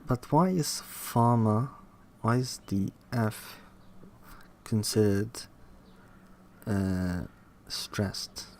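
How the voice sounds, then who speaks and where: A man reading aloud from a linguistics textbook, halting, restarting words and questioning the text as he goes. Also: on the low side, darkish tone, slight background noise. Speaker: reader studying a linguistics textbook. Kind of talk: reading aloud with self-commentary.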